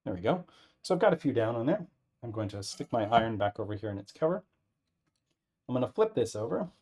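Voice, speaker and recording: A man's voice: medium pitch, fast, slightly rough. Man casually demonstrating at a workbench. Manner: relaxed, thinking aloud, frequent "right?" checks. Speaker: instructor. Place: workbench with an air filter running.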